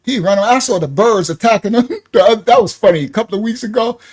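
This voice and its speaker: A man's voice: sits high, animated, quick pace, a little mellow. A man preaching casually, telling a story in slangy street talk, laughing often and swinging his voice up and down.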